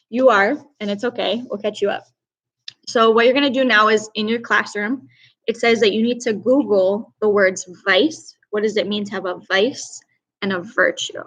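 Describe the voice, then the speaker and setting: A woman's voice: mid-range voice, steady tone, normal speed, a bit bright, poor audio. A young woman teacher running an online class over a video call, chatty and upbeat as she praises students.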